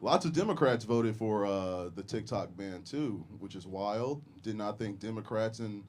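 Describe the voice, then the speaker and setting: A young man doing a stand-up comedy set on a club stage, with crude, deadpan delivery and frequent chuckles at his own jokes. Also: lowish voice, a little slow.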